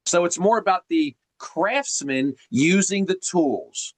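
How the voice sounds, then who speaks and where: A man's voice: high-pitched, expressive, takes it slowly, no echo, poor audio. A man coaching on a group video call, teacherly and emphatic, firing off rhetorical questions. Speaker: sales coach.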